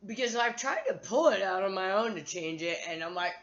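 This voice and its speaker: A woman's voice: mid-range voice, lively intonation, normal speed, dull audio. A woman vlogger talking to her phone in a candid, profane, rambling monologue.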